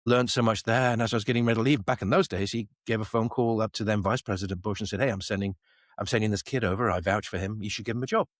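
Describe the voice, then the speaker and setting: A middle-aged man from the Isle of Man, a space company CEO, guests on a podcast and tells stories animatedly, acting out the people he quotes. His voice sits lowish and moves at a quick pace. The studio recording is clean, with no echo.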